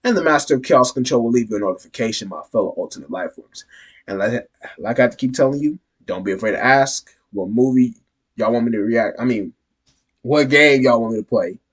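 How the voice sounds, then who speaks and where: A man's voice: mid-range voice, brisk. Chatty man hosting a reaction video. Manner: chatty, laughing, hyping viewers into a call-and-response sign-off. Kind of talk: casual reaction commentary.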